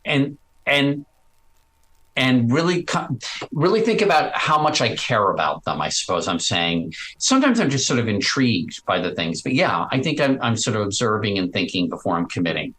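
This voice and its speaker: A man being interviewed about his podcast, talking in a chatty, animated way with frequent restarts. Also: mid-range voice, moderate pace, poor audio. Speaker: podcast host as guest. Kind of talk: casual interview chat.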